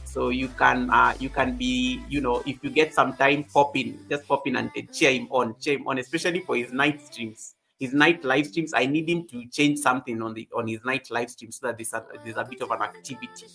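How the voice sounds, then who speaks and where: A man's voice: mid-range voice, fairly even intonation, a little fast, creaky, hardly any pauses, sharp tone. A man hosting a livestream, chatting casually and greeting viewers by name while repeating his phrases. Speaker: livestream host. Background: faint background music.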